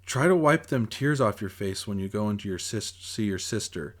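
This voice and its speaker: A man voicing a steady, resigned father talking to his son in a measured way, in a self-read audiobook. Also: fairly low pitch. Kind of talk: audiobook character voice.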